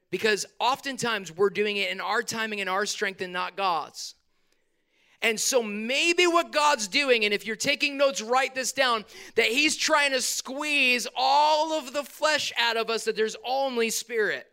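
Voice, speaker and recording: A man delivers a lively sermon from the pulpit. His voice sits high and sounds smooth and clear. He swings between loud, fired-up bursts and quick, casual asides to the congregation. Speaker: pastor. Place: church hall.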